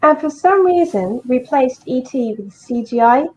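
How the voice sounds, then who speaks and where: A woman's voice: high-pitched, animated, moderate pace, a little mellow, a little hiss or hum. A woman with a West Country English accent chatting casually on a livestream, laughing often. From England. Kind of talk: casual chat.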